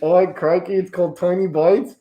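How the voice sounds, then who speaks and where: A man's voice: high voice, little pitch movement, normal speed, highs cut off, close to an everyday voice. A man playing a rambling, self-important actor who claims to be Shrek, his fake accent slipping between Scottish and Australian, heard over an echoey video call. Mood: boastful.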